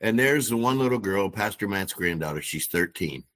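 Casual: middle-aged guy w/ a lowish voice telling a story, animated, doing the quotes. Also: normal speed. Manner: animated, acts out quoted dialogue. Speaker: guest.

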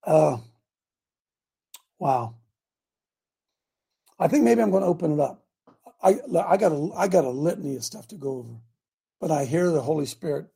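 A man with a high, gravelly voice preaches on his radio show, emphatic and rambling, often breaking off into asides. His tone is dark and husky rather than bright. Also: expressive, moderate pace, long pauses.

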